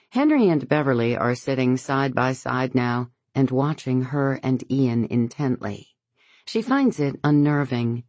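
A woman narrating an audiobook in a measured, even reading. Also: very deep voice, no echo. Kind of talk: scripted narration.

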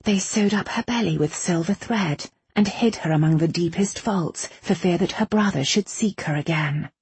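Female audiobook narrator, low, very husky voice, dry close sound. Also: normal speed, darkish tone, dry recording. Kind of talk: scripted fantasy narration.

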